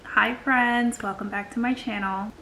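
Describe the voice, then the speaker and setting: A woman's voice: on the high side, fairly even intonation, unhurried, loud music behind the voice. A woman chatting casually while doing her makeup, full of playful, sassy asides. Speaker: beauty vlogger. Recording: roomy echo, faint background noise.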